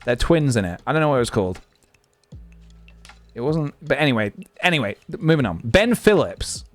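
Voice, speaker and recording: A man's voice: medium pitch, expressive, fairly quick, soft background music. A young man live-streaming, chatting casually and thinking aloud with lots of fillers as he goes.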